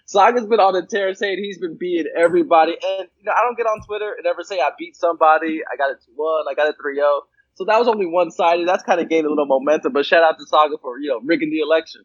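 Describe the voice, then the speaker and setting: A higher-pitched man with a husky, breathy voice chats loosely, laughing often and swearing freely. The sound is muffled and lo-fi. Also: quick pace, hardly any pauses, no room sound. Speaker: guest battle rapper. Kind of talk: casual chat. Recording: muffled lo-fi audio.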